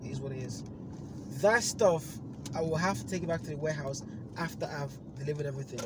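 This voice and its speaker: Animated man telling a story in a car. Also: quick pace. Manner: animated, bursts loud and high when acting out the phone call. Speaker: podcast host. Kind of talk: casual storytelling chat. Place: inside a car. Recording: car road noise behind.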